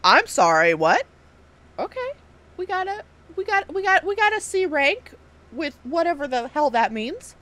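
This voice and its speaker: Excitable woman playing a dating game. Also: sits high, moderate pace. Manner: animated, excitable, laughing reactions. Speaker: let's player. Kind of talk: reading a dating game aloud.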